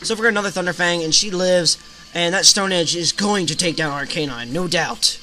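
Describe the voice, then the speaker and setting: A man's voice: sits high, fairly quick, pushed and bright, faint music behind. A man hosting a gaming channel, casually retelling a game battle move by move in a chatty play-by-play.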